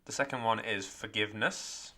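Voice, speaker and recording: A man's voice: on the low side, moderate pace, sharp tone. A man teaching, going through exam questions one by one and explaining each answer step by step. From England. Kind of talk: exam walkthrough lesson.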